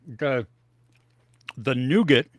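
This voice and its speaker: On a live movie podcast streamed from his home office, a male co-host chats loosely and rambles, eating snacks as he goes. His voice is medium in pitch, he draws out his words, and there's no room sound.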